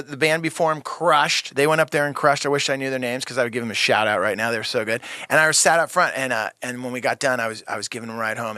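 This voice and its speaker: A middle-aged man co-hosting a podcast, telling a family story in a lively way and acting out the quotes. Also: a little high, dry recording, clean studio sound. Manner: animated storytelling, acts out quotes. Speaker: podcast co-host. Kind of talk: casual chat.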